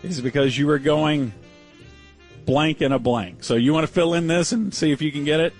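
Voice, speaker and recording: A man doing a calm patrol officer. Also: a little high, normal speed, soft background music, natural voice. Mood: matter-of-fact. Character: laid-back male highway patrol officer. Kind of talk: anecdote impression.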